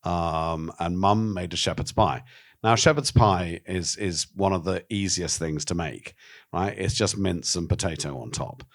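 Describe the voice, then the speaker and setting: Man, very low voice, candid interview talk, animated storytelling, swears freely. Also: unhurried. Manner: frank and animated, swears, acts out quoted voices. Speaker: documentary filmmaker, interviewee.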